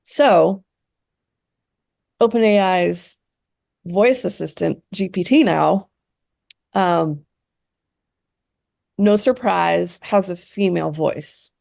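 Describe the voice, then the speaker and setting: Female session leader, low gravelly voice, relaxed chatty delivery, dry sound. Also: very slow, pauses often, no echo. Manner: conversational, many fillers and tag questions. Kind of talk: casual talk to a group.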